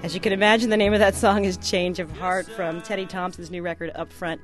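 A woman's voice: fairly low pitch, flat delivery, over music. A woman hosting a radio show, introducing a guest and asking questions in a friendly manner, on a studio microphone. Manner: friendly, laughs easily, quick questions.

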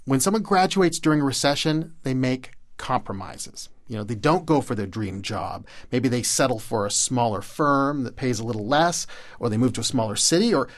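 A man co-hosting a radio show, narrating and bantering playfully with guests. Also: medium pitch. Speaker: radio co-host.

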